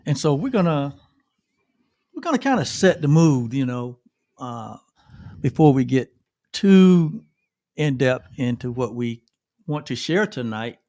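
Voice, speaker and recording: A man's voice: mid-range voice, very animated, measured pace, pauses often, warm tone, dry recording, studio quality. A middle-aged man co-hosting a livestream, talking earnestly about gratitude and often repeating himself. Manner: earnest, repeats phrases, ends with "right?". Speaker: co-host. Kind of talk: reflective livestream talk on gratitude.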